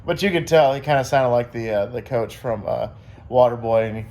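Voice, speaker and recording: A man's voice: mid-range voice, moderate pace, a little mellow. Rambling upbeat male vlogger. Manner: rambling, upbeat, lots of fillers and quoted voices. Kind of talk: casual vlog storytelling.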